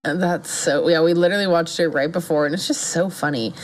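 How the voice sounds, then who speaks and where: A woman co-hosting a casual podcast, animated, laughing and swearing freely. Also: lowish voice, fairly quick. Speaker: podcast co-host. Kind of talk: casual chat.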